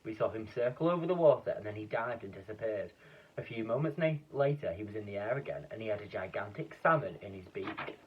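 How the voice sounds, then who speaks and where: Lively low-voiced man reading a storybook. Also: quick pace, slight background noise. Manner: lively, expressive, occasional slips and restarts. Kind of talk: reading a children's book aloud. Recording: dull, distant lo-fi recording.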